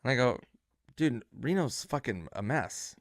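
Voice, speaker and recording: A man's voice: medium pitch, animated, measured pace, no room sound, clean studio sound. Laid-back man telling a story. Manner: laid-back, acts out quoted voices. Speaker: comedian guest. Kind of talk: casual storytelling.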